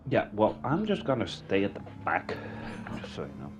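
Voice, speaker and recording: Low-voiced dry joker, man from the Netherlands. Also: wildly swooping pitch, moderate pace, background noise. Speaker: gaming guest. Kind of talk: casual gaming chat.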